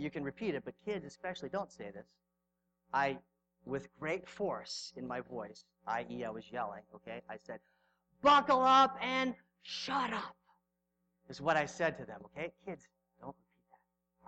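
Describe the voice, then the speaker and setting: A middle-aged male pastor preaching a sermon, telling stories with sudden swings from loud to hushed. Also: mid-range voice, expressive, normal speed, a little hiss or hum, low-quality recording.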